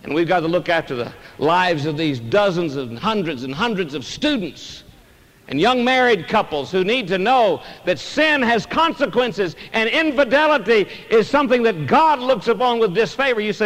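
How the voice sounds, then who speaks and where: A pastor preaches earnestly from the pulpit, a man with a notably high-pitched voice. He presses his points with emphatic rises and falls. The sound rings with the long reverb of a large church sanctuary. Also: expressive, moderate pace, fairly bright tone. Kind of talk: sermon.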